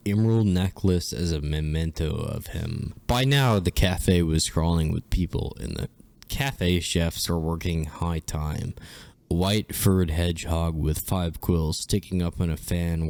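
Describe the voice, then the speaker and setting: A man with a deep voice reads fan fiction slowly for a comedy show, tripping over the wording. The recording is close and dry, with no room sound. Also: darkish tone, no echo. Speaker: co-host reading fan fiction aloud. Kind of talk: comedic read-through.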